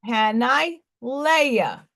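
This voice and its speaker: A woman's voice: a little high, animated, extremely slow, fairly bright tone. A woman hosting a live stream, telling stories in a rambling, candid, blunt way. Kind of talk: casual chat.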